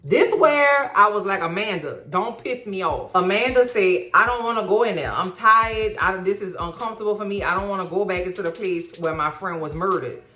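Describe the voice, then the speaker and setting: A woman in her forties giving an animated, sassy, slang-filled comedic recap of a TV series. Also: medium pitch, a little fast, hardly any pauses. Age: 40s. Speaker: recap vlogger. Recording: echoey room with faint music.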